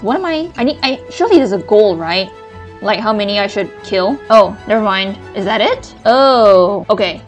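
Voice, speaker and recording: A woman streaming a game, complaining sarcastically and swearing, her voice cracking from talking so long. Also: mid-range voice. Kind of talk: casual gameplay commentary.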